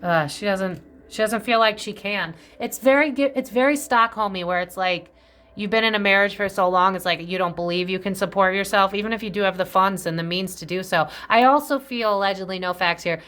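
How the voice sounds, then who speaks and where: A woman's voice: mid-range voice, a bit bright. A woman giving a casual psychic tarot reading. She talks in a chatty, profane, speculative way, jumps between tangents and often acts out quoted voices.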